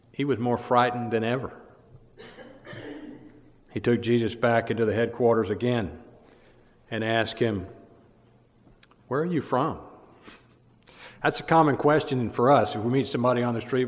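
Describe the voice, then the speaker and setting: A man preaching a sermon, retelling scripture dramatically and swinging between loud and hushed passages. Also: mid-range voice. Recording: long hall reverb.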